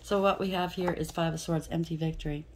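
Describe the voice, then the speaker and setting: A woman's voice: low voice, fairly even intonation, quick pace, noisy background. A middle-aged woman giving a casual tarot reading, blunt and chatty, swearing freely and often checking in with "okay?". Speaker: tarot reader.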